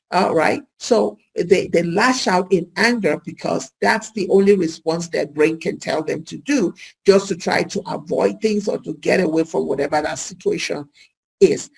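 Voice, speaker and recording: A woman's voice: lowish voice, gravelly, a little mellow, husky, poor audio. A woman, a nurse practitioner hosting a talk, speaks casually with lots of rhetorical questions and little acted-out exchanges.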